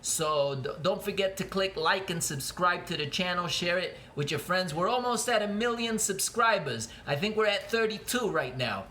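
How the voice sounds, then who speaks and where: A man's voice: high-pitched, lively intonation, normal speed, few pauses, pushed and bright, slight background noise. A man, a teacher, giving a chatty, playful cooking demonstration to his students in a home kitchen, talking to the camera a helper holds. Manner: playful, chatty, speaks straight to the kids. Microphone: camera held by a cameraman.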